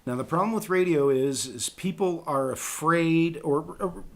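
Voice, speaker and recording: A man's voice: on the high side, a little slow. A man chatting as a voice actor guest on an interview show, telling rambling stories about his work. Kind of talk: casual interview chat.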